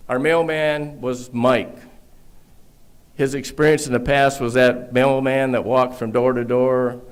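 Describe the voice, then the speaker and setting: A man's voice: mid-range voice, level tone, a little slow, clean tone. A man giving a ceremonial graduation address to a police academy class in a large room, speaking at a podium mic with earnest storytelling, emphatic repetition and wry asides. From Michigan, United States. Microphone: podium microphone.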